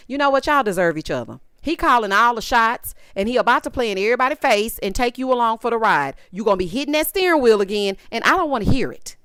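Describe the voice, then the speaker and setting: A woman's voice: fairly high pitch, animated, quick pace, hardly any pauses, a bit bright, clear, resonant tone, no echo, clean studio sound. Sassy woman recapping reality TV. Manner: sassy, exasperated, quotes people in voices. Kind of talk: casual commentary recap.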